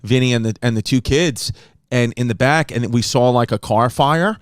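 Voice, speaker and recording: A man in his thirties co-hosting a casual podcast, telling stories in an animated, rambling way on a close microphone. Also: medium pitch, moderate pace, no room sound. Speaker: podcast co-host.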